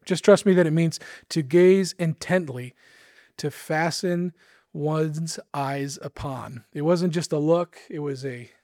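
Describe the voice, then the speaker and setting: A man's voice: fairly high pitch, slow, darkish tone, no echo, studio quality. A man preaching a sermon, earnest and emphatic, with casual asides to his listeners.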